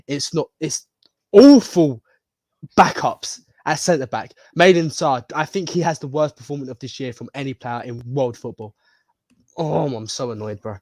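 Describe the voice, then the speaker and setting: A man's voice: mid-range voice, normal speed, a little mellow, no echo. A man ranting about his football team, annoyed and emphatic. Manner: annoyed, emphatic, says "bro". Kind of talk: football reaction rant.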